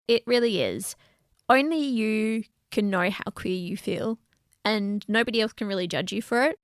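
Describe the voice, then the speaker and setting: A woman co-hosting a casual podcast chat, talking in an earnest, animated way. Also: mid-range voice, no room sound, studio quality. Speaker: podcast co-host.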